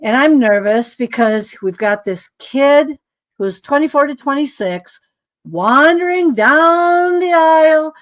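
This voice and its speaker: A woman's voice: sits high, slow. Woman telling a rambling anecdote. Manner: rambling, animated retelling with many asides. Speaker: guest. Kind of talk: storytelling in a podcast interview.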